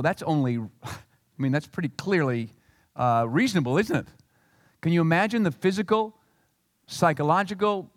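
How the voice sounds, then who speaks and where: A male pastor preaching a sermon in an animated, emphatic way. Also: a little high, no echo, studio quality, long reverb tail. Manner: animated and emphatic, acting out quotes.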